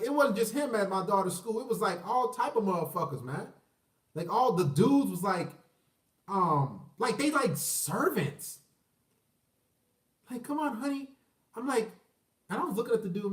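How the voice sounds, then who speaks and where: A man's voice: high-pitched, recorded from a distance. A man giving a profane, rambling, casual rant to camera, often breaking into laughter. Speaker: vlogger. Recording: roomy, from the mic.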